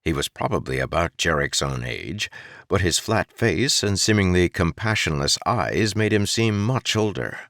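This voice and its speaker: A man reads a fantasy audiobook in a very low voice. His delivery moves expressively up and down as he tells the story. The studio sound is close and dry. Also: animated, normal speed, fairly bright tone, no room sound. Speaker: audiobook narrator. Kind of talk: scripted fantasy audiobook narration.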